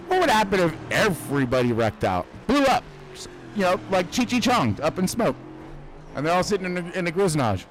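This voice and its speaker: A man giving casual, jokey sim racing commentary who gets excitable and shouts when cars crash. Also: high voice, slight background noise, poor audio. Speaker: race commentator.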